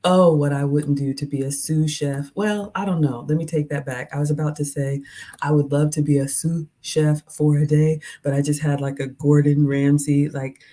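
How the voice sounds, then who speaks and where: Woman, 40s, low voice; easygoing livestream host who chats and reads comments aloud. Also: warm tone. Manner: chatty, reads viewer comments aloud, laughs at herself. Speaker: livestream host reviewing a restaurant. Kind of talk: casual livestream chat.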